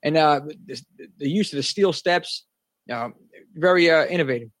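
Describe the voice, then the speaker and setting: A man with a fairly high voice chats about wrestling in a laid-back way, dropping "man" at the end of his lines. The recording is dry and close-miked. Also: moderate pace, a bit bright, no room sound. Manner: laid-back, says "man" a lot, laughs easily. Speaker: podcast co-host. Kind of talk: casual wrestling chat.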